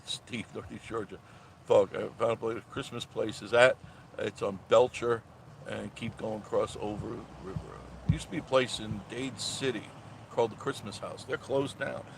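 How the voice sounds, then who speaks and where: A man hosting a casual live stream from a parked car, ranting loudly and sarcastically, then reading viewer comments. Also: on the low side, fairly even intonation, normal speed, creaky, slight background noise. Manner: loud, ranting and sarcastic, mocking voices.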